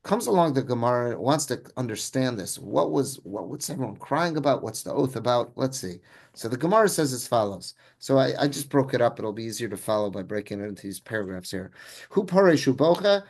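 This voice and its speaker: A man's voice: medium pitch, lively intonation, a little fast, darkish tone. A middle-aged man, a rabbi, teaching a Torah class from a source sheet, translating phrase by phrase with casual asides.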